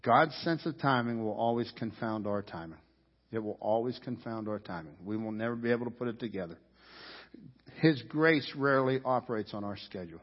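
A man's voice: mid-range voice, a little fast. A man preaching a sermon as pastor, earnest and conversational, repeating his key points for emphasis. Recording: dull lo-fi audio with long hall reverb.

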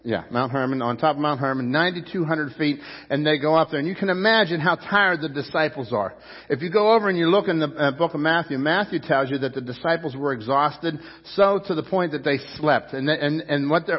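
A man's voice: on the high side, fairly quick, husky, big-room sound, dull audio. A man preaching a sermon as pastor, in a loose, conversational way that repeats words and asks the crowd questions.

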